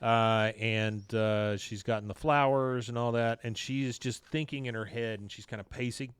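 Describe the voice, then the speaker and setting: Man podcast co-host, loose rambling episode recap with brief character voices, mid pitch, dry mic. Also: fairly even intonation, smooth, no room sound. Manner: loose, rambling, many fillers, dips into quick character voices. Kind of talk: casual recap of a cartoon episode, acting out lines.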